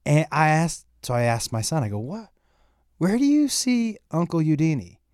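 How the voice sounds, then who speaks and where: In a slightly high voice at normal speed, a middle-aged man tells a story as a comedian guest in a casual chat. He plays out the dialogue with lots of energy and plenty of profanity, and the recording is dry with clean studio sound.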